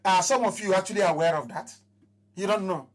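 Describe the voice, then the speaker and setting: Speaking a little fast, a Nigerian-accented man leads a passionate live address to his movement's followers. He repeats himself and swings from raised declarations to quiet muttering.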